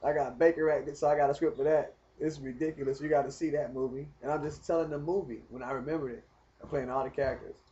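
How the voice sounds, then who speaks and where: Man, high voice, rambling casual storytelling, animated, dull lo-fi recording. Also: fast. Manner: animated, talks straight to the viewer, keeps asking "you know what I mean". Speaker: vlogger telling his story.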